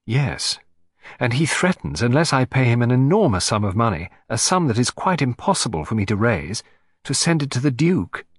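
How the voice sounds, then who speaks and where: A soft, hesitant young society lady pleading for help, voiced by a male audiobook reader. The voice is lifted and lively in pitch, slightly husky, and recorded dry and close. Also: normal speed, dry recording. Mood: anxious. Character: pretty young upper-class woman in distress. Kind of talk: audiobook character reading.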